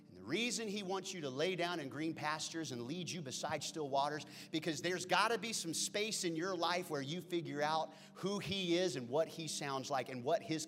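A pastor delivering a sermon, swinging from hushed whispers to loud exclamations. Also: male voice, fairly high pitch. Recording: long hall reverb with faint music.

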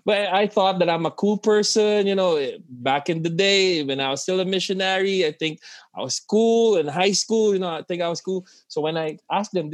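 A man's voice: high voice, no echo. Man talking in a dry close sound. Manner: halting, many restarts, laughs at himself. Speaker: podcast co-host; father of daughters. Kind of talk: casual chat.

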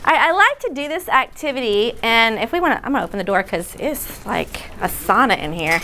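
Woman running a lively workshop indoors, directing volunteers, slightly high voice. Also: noisy background. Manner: chatty, directs volunteers, quick asides. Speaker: workshop speaker. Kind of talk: interactive workshop session. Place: indoor room.

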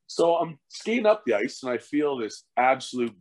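A man's voice: medium pitch, normal speed, dry recording. A middle-aged man, a former hockey fighter turned coach, telling stories in a casual, profane podcast chat. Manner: profane, animated storyteller.

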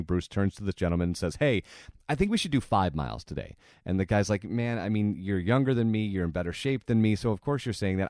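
Low-voiced man hosting a podcast. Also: darkish tone, dry recording, clean studio sound. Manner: conversational storytelling with fillers. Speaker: podcast host. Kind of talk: casual solo podcast monologue.

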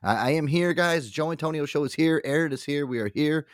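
A man's voice: a little high, fairly quick, no room sound, clean studio sound. A man hosting a podcast in casual, profane banter, laughing often and swearing freely. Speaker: podcast host.

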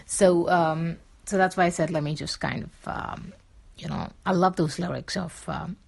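A woman's voice: on the low side, steady tone, moderate pace. A woman talking casually and rambling, with many fillers and restarts. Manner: sings pop lyrics in breathy snatches. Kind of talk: casual talk to camera.

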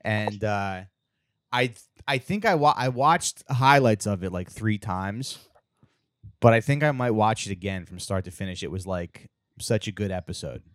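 A man's voice: lowish voice, lively intonation, normal speed, no echo, studio quality. A man co-hosting a podcast, telling a story in a rambling way with lots of fillers and restarts. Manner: acts out character lines in raised voices. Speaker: podcast co-host. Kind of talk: casual chat.

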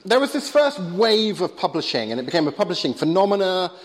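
A man answering questions after a lecture, his voice pitched a little high for a man. He talks in a loose, conversational way, full of ums and restarts, and a long reverb trails each phrase through the large stone church. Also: sing-song, a little fast. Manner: conversational, hesitant with many fillers.

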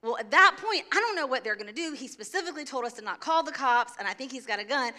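Bright, high-voiced woman telling a story. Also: fast. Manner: lively, laughing, acts out her own shouts. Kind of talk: animated storytelling.

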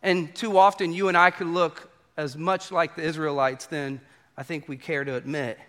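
A man preaching a sermon to a congregation as pastor, animated and acting out quoted voices. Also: on the high side, moderate pace.

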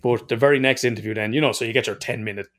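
A man's voice: mid-range voice, steady tone, very fast, fairly bright tone. An Irish man telling rambling stories in casual podcast chat and swearing freely. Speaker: podcast co-host.

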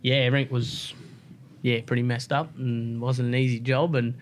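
A man's voice: medium pitch, level tone, normal speed, slight background noise. An Australian man, a racer guest, telling his story in casual interview chat with lots of fillers and restarts. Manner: rambling, many fillers and restarts.

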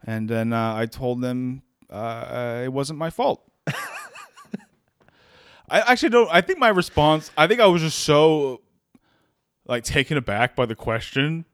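A man's voice: mid-range voice, unhurried, pauses often, smooth, no room sound. A man telling a story in casual chat from a makeshift home studio. He laughs often, restarts his sentences and jumps into quoted voices. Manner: animated, laughs a lot, many restarts.

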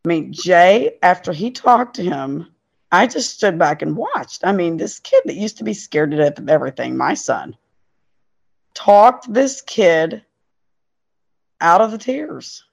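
A woman's voice: on the low side, very animated, unhurried, vocal fry. A middle-aged woman, a podcast guest and parent, telling a story in an earnest, emphatic way. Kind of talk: casual storytelling. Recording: dull lo-fi sound.

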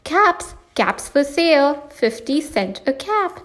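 A woman's voice: sits high, big pitch swings, slow, heavily acted. A woman voicing an angry male cap peddler in a children's storybook read-aloud, calling out and scolding. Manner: calling out, then shouting angrily.

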